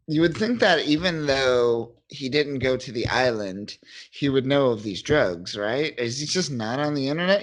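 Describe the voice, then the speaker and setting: A man co-hosting a podcast, casually recapping a comic in a rambling, profane way and quoting the characters as he goes. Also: mid-range voice. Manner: rambling, profane, recaps scenes with quoted voices. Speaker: podcast co-host. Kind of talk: casual comic book chat.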